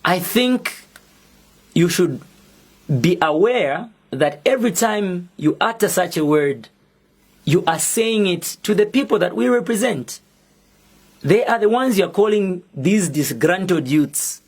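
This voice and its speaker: Slow, defiant Zambian man. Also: sits high, lively intonation. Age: young adult. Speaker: activist. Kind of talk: prepared public statement.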